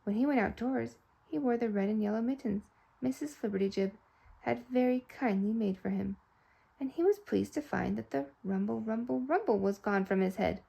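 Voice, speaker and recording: A woman reading a children's storybook aloud, expressive and playful with sound effects. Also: a little high, moderate pace, vocal fry, husky. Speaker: storybook reader.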